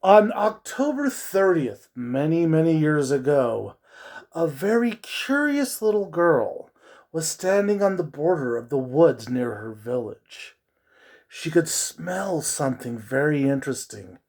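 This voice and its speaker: A man telling a spooky story in a slow, drawn-out, hushed dramatic delivery with a soft, husky voice. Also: a little high, lively intonation.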